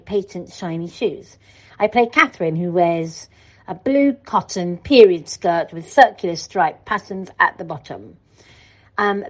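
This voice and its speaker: A woman actor introducing her roles and costumes in a measured, listing way. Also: medium pitch, muffled recording. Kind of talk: audio introduction to a play.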